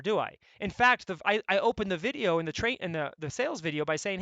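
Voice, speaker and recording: Guy coaching online sellers, high bright voice, blunt and punchy, dry close sound. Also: fast, hardly any pauses, dry recording, muffled recording. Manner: energetic, blunt, conversational with frequent "right?". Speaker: e-commerce coach. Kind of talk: coaching session to members.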